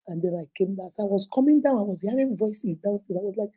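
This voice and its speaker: Lively Nigerian woman host, husky voice. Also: mid-range voice, fast talker, few pauses. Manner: lively storytelling, acts out voices, laughs often. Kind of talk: relationship advice live talk.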